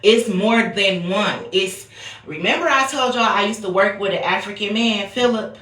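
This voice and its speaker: A bright-voiced American woman doing an off-the-cuff psychic reading in a chatty, profane style. She talks bluntly and keeps coming back to a sing-song refrain. The room is echoey. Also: mid-range voice, normal speed. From United States. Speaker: psychic reader. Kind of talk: casual intuitive-reading vlog.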